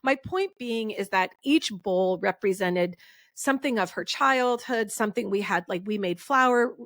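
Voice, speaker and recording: A woman's voice: mid-range voice, normal speed, a bit bright, dry recording, clean studio sound. A woman in her forties hosting a casual podcast conversation. She talks in a rambling, heartfelt way and often restarts her sentences. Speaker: podcast host.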